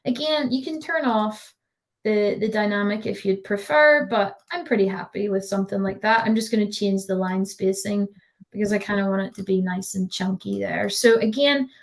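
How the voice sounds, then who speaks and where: Give me a chatty woman walking viewers through a design tutorial on a video call, her voice at an ordinary middle pitch. She keeps up a giggly, filler-heavy patter as she works. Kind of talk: live online design tutorial.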